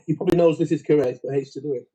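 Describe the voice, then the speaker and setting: A man giving calm, measured live game commentary in a husky voice. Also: a little high. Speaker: backgammon commentator. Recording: dull, muffled sound.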